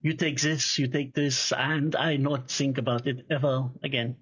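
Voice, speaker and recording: A man plays a shell-shocked man worn out and longing for sleep, speaking in a weak French accent. His lines come tired, blunt and halting at a middling pitch. The audio is a little dull and muffled. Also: little pitch movement, a bit bright, slightly rough. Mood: weary. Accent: weak put-on French accent. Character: weary shell-shocked man craving opium.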